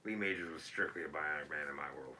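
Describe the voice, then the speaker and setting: A man in his thirties co-hosting a casual talk show, loud and crude, laughing and singing old theme songs. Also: a bass voice, fast, slight background noise. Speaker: podcast co-host. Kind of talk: casual chat.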